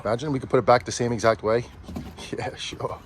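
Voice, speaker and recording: A chatty man talks through an unboxing with his kids at a mid-range pitch. He jokes and teases as he goes and gets excited quickly. A faint hum of background noise sits under his voice. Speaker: vlogger and father unboxing a Halloween prop. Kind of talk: casual chat.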